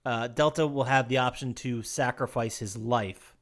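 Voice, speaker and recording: A man's voice: medium pitch, normal speed. Laughing man retelling a game plot. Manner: animated storytelling with frequent laughs and restarts. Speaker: podcast co-host. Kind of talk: casual chat recapping a game story.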